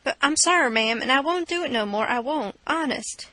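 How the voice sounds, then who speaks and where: A woman's voice: high-pitched, animated, normal speed, pushed and bright, no echo. A woman doing a cheeky boy acting innocent. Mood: mock-humble. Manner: mock-humble, sly pleading.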